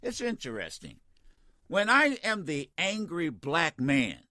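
Lively, bright-voiced male radio host. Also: fairly high pitch, takes it slowly, no echo, clean studio sound. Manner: combative, emphatic, repeats himself. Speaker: radio talk show host. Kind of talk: call-in talk radio.

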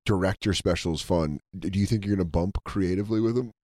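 A man's voice: deep voice, quick pace, mellow, a little hiss or hum. A man co-hosting a podcast, riffing wryly and sarcastically in casual chat from a studio. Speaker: podcast co-host. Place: radio studio.

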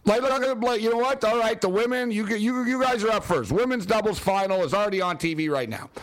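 A man hosting a late-night sports radio show, ranting and joking in an excitable, wisecracking way. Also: sits high, a little fast, dry recording.

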